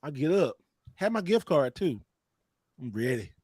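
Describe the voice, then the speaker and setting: Texan male podcast host, animated slangy storyteller, high voice. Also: a little slow, slightly rough, dry recording, clean studio sound. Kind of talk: casual chat.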